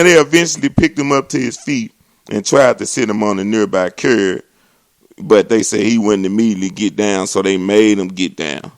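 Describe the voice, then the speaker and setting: A comedy show host with a gravelly voice delivers a profane comedic rant, animated and slipping into mocking voices and high exclamations. There is no room sound.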